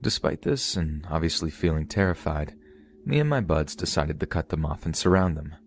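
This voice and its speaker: A man reading a creepy first-person story aloud in a steady storytelling delivery. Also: very deep voice, normal speed, a little hiss or hum. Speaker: story narrator.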